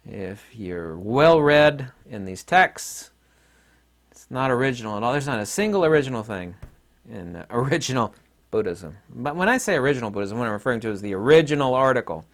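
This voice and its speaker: A man's voice: medium pitch, expressive, a little fast. A middle-aged man giving a blunt, combative monologue as an online commentator, with mocking asides. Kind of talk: opinionated monologue.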